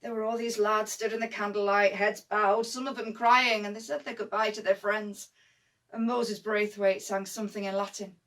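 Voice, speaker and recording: A woman's voice: medium pitch, level tone, normal speed, a bit bright, far from the mic, lightly acted. A woman with a Northern English accent acting a young First World War nurse who talks in broad dialect, telling her story as a dramatic monologue. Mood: sombre. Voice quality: broad dialect speech, vivid and emphatic.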